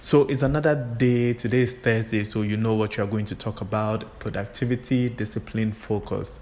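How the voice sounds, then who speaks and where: A man hosting a solo podcast, talking in an unhurried, reflective way with frequent fillers. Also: lowish voice, steady tone, darkish tone. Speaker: podcast host.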